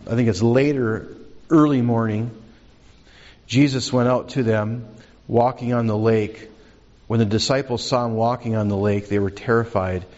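A man's voice: mid-range voice, a little mellow, highs cut off. A man preaching a sermon as pastor, conversational, asking the congregation questions.

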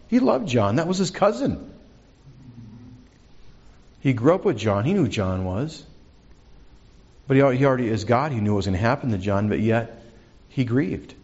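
A man's voice: fairly low pitch, a little mellow, lo-fi sound. A man preaching a sermon as pastor, conversational, asking the congregation questions.

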